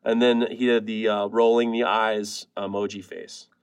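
A man hosting a podcast, loud and profane, laughing and teasing his co-hosts in casual banter. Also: on the low side, little pitch movement, normal speed, clear, resonant tone. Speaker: podcast host.

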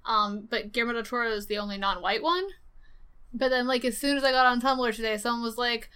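Chatty young woman, bright crisp voice. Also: a little high, a little fast. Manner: chatty, lots of "like" fillers, animated retelling. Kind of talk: casual chat.

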